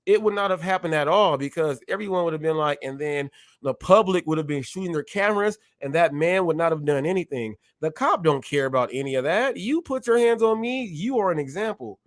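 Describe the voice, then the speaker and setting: A man hosting a live stream, talking in an animated way, often repeating himself and acting out short exchanges. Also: fairly high pitch, fairly quick, no room sound, studio quality. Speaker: show host.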